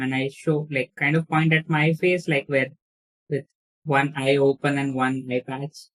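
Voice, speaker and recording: A player speaks slowly and haltingly at mid pitch, slipping between describing their character and talking as them. The delivery is careful and unhurried. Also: flat delivery, rough recording. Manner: slow, halting, mixing narration and character speech. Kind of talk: tabletop role-play, half in character.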